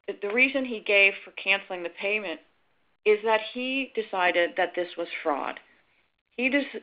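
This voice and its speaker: A middle-aged woman lectures calmly in a webinar, explaining step by step and sometimes voicing sample lines. Her voice sits at an ordinary pitch. The audio is dull and lo-fi. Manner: calm, explanatory, acts out sample dialogue. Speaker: risk management speaker.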